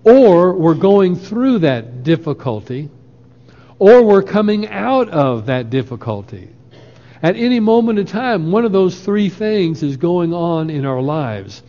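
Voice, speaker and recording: Male preacher, measured sermon delivery, reverberant hall. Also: high voice, big pitch swings, mellow, dull audio. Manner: slow, earnest preaching with scripture quotes.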